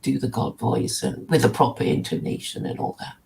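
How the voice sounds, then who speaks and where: A woman's voice: very deep voice, fairly even intonation, brisk, creaky, a little mellow. A woman in casual chat on a stream, teasing and laughing often.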